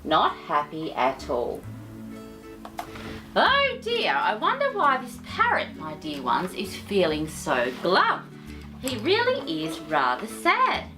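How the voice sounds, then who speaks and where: A woman's voice: mid-range voice, huge pitch swings, takes it slowly, music in the background. A woman reading a children's picture book aloud as host, theatrical, with affectionate asides to her listeners.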